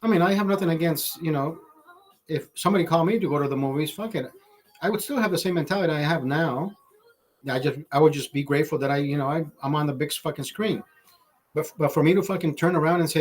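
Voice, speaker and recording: A man's voice: fairly high pitch, fast. A man from Honduras hosting a casual livestream, ranting with heavy profanity and switching between English and Spanish. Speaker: livestream host. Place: Los Angeles, California.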